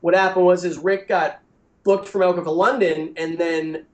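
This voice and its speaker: A man from New Jersey, a guest on a casual podcast, telling stories in an animated way and acting out quotes. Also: sits high, moderate pace. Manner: animated storyteller who acts out quotes. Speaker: guest, creature effects studio owner. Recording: roomy echo.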